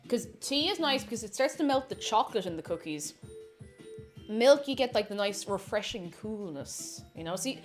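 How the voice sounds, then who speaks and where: A woman's voice: mid-range voice, animated, normal speed. A young woman chatting casually on a live stream, reading chat aloud and talking with her mouth full. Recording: faint music behind.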